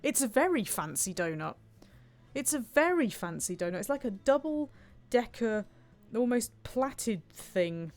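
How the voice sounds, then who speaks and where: A woman's voice: on the high side, sing-song, a little slow, darkish tone, soft background music. A woman streaming a cooking game, chatting playfully and reading viewer comments aloud. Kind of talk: casual gameplay commentary.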